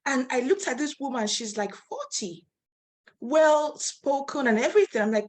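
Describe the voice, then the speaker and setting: A woman's voice: high-pitched, expressive, moderate pace. A woman from Nigeria, a nonprofit founder, telling her story as a guest speaker over a video call, earnest and passionate. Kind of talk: interview storytelling.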